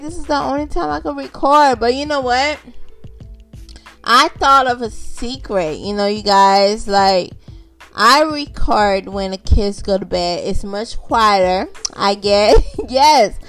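Chatty woman podcast host. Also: a little high. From Haitian background. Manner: chatty, repeats herself, addresses listeners as y'all. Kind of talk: unscripted casual podcast talk.

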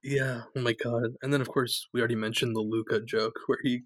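Man, excited movie talk, laughs a lot, dry close sound. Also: mid-range voice, fairly quick, no echo. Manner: enthusiastic, laughs often, gushing. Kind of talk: casual movie recap chat.

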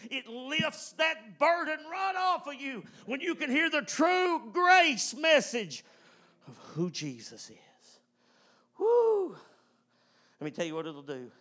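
A man preaching a fervent, emphatic sermon, swinging from loud whoops to hushed tones. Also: high-pitched. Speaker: pastor.

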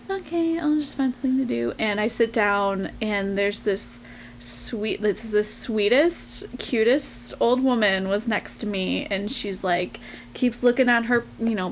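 A woman's voice: medium pitch, a little hiss or hum. A young woman co-hosting a podcast, telling a rambling story in a chatty way and laughing often. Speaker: podcast co-host. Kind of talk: casual chat and storytelling.

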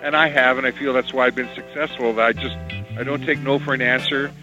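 A man's voice: medium pitch, steady tone, fast, over music. An older man from Canada, a musician, telling stories from his life in an interview and acting out the people he quotes. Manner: anecdotal, reminiscing, acts out quoted voices. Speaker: musician guest. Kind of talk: interview storytelling. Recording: slightly dull with faint hum.

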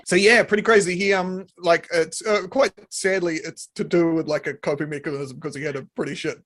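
A podcast co-host talking in relaxed, easygoing chat. They laugh often and keep the conversation light. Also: mid-range voice, a little fast. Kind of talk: casual chat.

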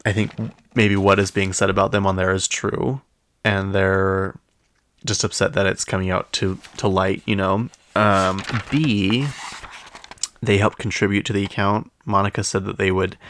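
A man's voice: lowish voice, gravelly, fairly bright tone. A man hosting a pop culture recap, chatting casually in a gossipy, opinionated and rambling way. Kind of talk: casual chat.

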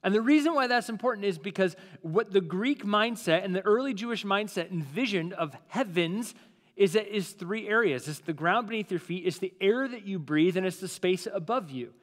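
A man's voice: high-pitched, expressive, moderate pace, long reverb tail. A man preaching a sermon as lead pastor, in a casual, conversational way with plenty of fillers.

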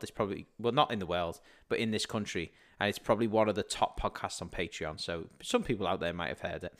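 A man's voice: fairly low pitch, fairly bright tone. Laughing, sweary English man with a mild Liverpool accent. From England. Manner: sweary, laughing, jokey storytelling. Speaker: podcast co-host. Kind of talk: casual chat.

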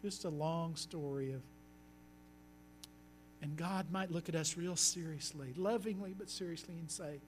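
A man as pastor, preaching a sermon with earnest storytelling that slows down for emphasis. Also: on the high side, slight background noise.

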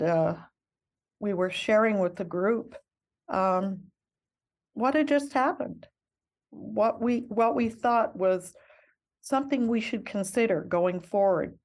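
A woman's voice: medium pitch, takes it slowly, pauses often, a little mellow. An older woman, a missionary guest in an interview, telling her story in an earnest, reflective and heartfelt way.

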